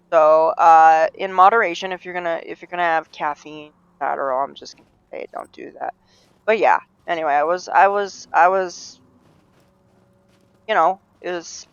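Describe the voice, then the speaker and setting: Male game streamer, rambling self-talk, high smooth voice, dull dry mic. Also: fairly bright tone, no room sound. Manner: rambling, self-talking, full of restarts. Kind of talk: rambling live gameplay chat.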